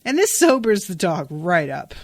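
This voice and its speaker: A woman hosting a casual book recap podcast, animated and exasperated, swearing freely into a close mic. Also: lowish voice, normal speed, no echo. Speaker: podcast host.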